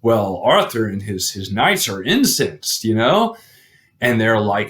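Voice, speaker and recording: Guy retelling an old legend off the cuff, lowish voice, lots of ums and restarts. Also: big pitch swings, slow, fairly bright tone. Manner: rambling, full of fillers and restarts. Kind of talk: casual spoken retelling of a legend.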